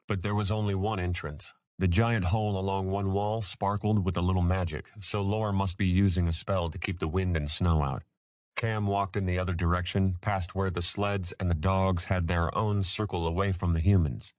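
A man narrating an audiobook in a steady, measured reading voice. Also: low voice, no room sound, studio quality. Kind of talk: scripted narration.

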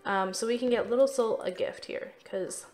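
A young woman giving casual commentary while playing a life-simulation game, chatty and quick to exclaim when things go wrong. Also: fairly high pitch, a little mellow. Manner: chatty, sympathetic, exclaims often, easily exasperated. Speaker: let's play gamer.

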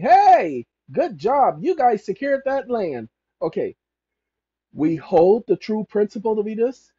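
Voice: mid-range voice, warm tone, husky. A speaker giving rambling legal commentary who reads passages aloud and keeps correcting themselves mid-sentence. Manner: emphatic and repetitive, corrects self mid-sentence. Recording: dull lo-fi recording.

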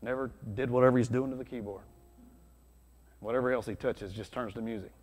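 A man preaching a sermon as pastor, conversational and energetic, with sudden loud bursts. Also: mid-range voice, fairly quick. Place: church hall. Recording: long hall reverb.

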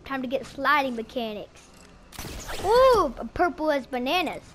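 Woman, playful roleplay gamer, high voice, noisy capture. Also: big pitch swings, moderate pace. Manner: goofy, joking, narrates own moves. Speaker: roleplay player. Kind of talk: playful game roleplay chatter.

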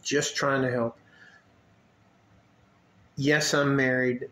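A man's voice: medium pitch, flat delivery, very slow, a bit bright. Rambling joking man in an echoey room. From West Texas, USA. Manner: rambling, joking, drifts off topic. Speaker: vlogger. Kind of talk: casual rambling monologue to camera. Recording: roomy echo with faint noise.

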